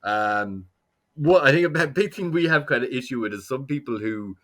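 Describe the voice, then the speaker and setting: An Irish man talks at length in a loose, rambling podcast chat, peppering it with swears. His voice is bright and forward, at a middling pitch. He speaks into a headset at home. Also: lively intonation, moderate pace. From Ireland. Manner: long-winded and rambling, swears freely. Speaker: podcast co-host. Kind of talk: casual chat.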